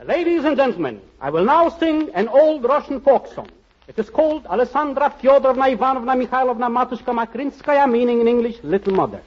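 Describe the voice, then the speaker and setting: A man's voice: very high voice, big pitch swings, a little fast, slight background noise. An actor playing a pompous, overly courtly male singer in a 1940s radio comedy, talking in a theatrical, flowery way. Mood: grand. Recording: dull old radio broadcast.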